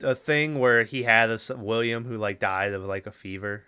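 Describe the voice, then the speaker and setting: A podcast co-host with a fairly low, sharp, clean voice talks at normal speed. He rambles through a casual movie recap, full of fillers and swearing.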